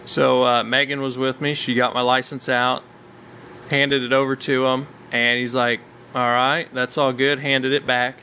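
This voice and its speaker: A man's voice: medium pitch, little pitch movement, a little slow, bright, forceful tone, a little hiss or hum, rough recording. A man casually recounting a hunting trip, rambling along with many ums and uhs. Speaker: hunter telling a story. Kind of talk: casual storytelling chat.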